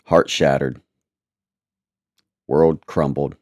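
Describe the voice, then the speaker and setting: A man telling a personal testimony in a halting, repetitive, earnest way. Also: rumbling low, steady tone, a little mellow, no room sound, clean studio sound.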